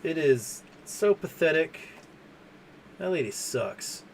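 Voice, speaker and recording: A man's voice: on the high side, very animated, takes it slowly, vocal fry, slight background noise. A man hosting a casual live stream, answering viewer questions in a rambling way, full of fillers and self-corrections. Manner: softens his voice to talk to his dogs.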